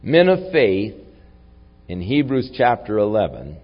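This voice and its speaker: A man preaching a sermon, reflective in tone and rising to forceful when he reads scripture aloud. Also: lowish voice, big pitch swings, measured pace. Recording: long hall reverb, dull lo-fi sound.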